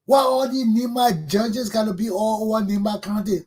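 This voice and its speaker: A man's voice: high voice, moderate pace, a little mellow. A middle-aged man with a Liberian accent, hosting a talk show with blunt, scolding political commentary.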